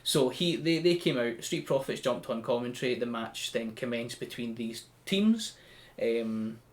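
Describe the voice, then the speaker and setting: A man's voice: medium pitch, animated, a little slow. A man with a Scottish accent hosting a podcast, recapping a show in a chatty, joking way. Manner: chatty, loose and joking, with many restarts. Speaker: podcast host.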